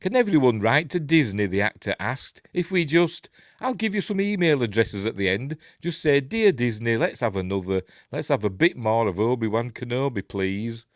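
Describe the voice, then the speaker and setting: A man's voice: mid-range voice, very animated, moderate pace, no room sound, clean studio sound. A man with a Yorkshire accent hosting a live-stream news show, reading stories aloud and adding chatty, sarcastic asides. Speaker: host.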